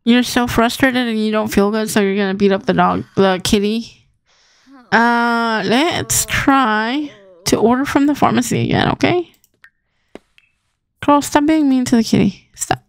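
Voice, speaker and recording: A woman's voice: on the high side, no echo, studio quality. A young woman hosting a gaming channel, chatting casually as she plays and talking to her game characters. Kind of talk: casual gameplay commentary.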